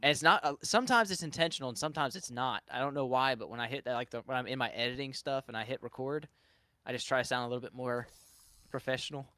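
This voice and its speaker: A man's voice: mid-range voice, fast talker, bright, forceful tone, no echo. Louisiana-accented man with a dry sound. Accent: Southern US, Louisiana. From Louisiana, USA. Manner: rambling, stops and restarts mid-thought. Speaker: guest streamer. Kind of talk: casual live-stream chat.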